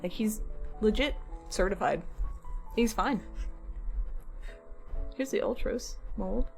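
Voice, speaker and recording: A woman's voice: mid-range voice, slow pace, vocal fry, faint music behind. A woman chatting casually on a livestream while she works on crafts, rambling and laughing at herself. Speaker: streamer and craft artist.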